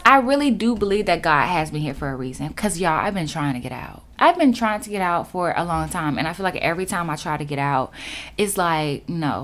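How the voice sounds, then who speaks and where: A woman's voice: lowish voice, a bit bright. A woman in her twenties from Florida, chatting casually and animatedly to her viewers. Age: 20s. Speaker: vlogger. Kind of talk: casual chat to camera.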